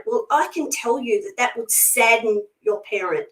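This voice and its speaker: A woman's voice: on the high side, normal speed. A woman speaking as a spiritual medium guest in a casual conversation, blunt, emphatic and outspoken. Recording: echoey room sound.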